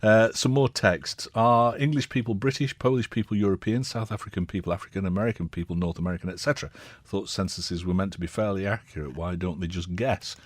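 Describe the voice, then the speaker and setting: A man's voice: on the low side, fast talker, no room sound. A man hosting a radio phone-in, reading out listener texts and adding wry, dry asides. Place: radio studio.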